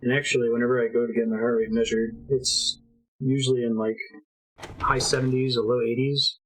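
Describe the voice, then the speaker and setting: Streaming a game live from his home setup, a young man chats with viewers as he plays and now and then curses at the game. His mid-range voice is flat, fairly quick, fairly bright, and breathy. The audio quality is poor.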